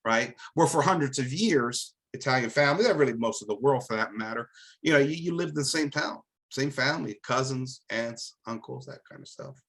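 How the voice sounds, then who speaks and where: A man's voice: mid-range voice, animated, brisk, a bit bright, low-quality recording. A man from America hosting a live commentary monologue, emphatic and preachy, often tossing in "right?". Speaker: host.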